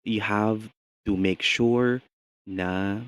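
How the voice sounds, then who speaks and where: A man's voice: on the low side, steady tone, very slow, clean tone, no echo. A man with a Filipino accent lecturing on radio delivery. He speaks conversationally, often restarts and checks in with the class by asking "no?".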